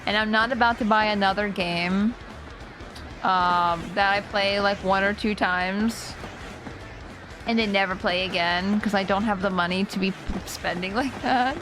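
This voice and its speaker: A woman's voice: medium pitch, steady tone, unhurried. A woman streaming a video game, chatting playfully and often laughing. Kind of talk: casual live gameplay chat. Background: faint game music.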